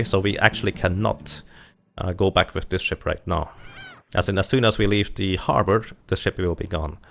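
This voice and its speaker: A man giving steady, explanatory live commentary on his own speedrun. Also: deep voice, creaky. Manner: steady explanatory, light laughs.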